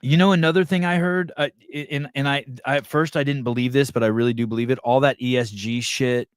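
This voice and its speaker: A man hosting a live podcast, chatting casually and reading the chat aloud, rambling and swearing as he thinks out loud. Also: medium pitch, steady tone, fast, clear, resonant tone, no echo, studio quality.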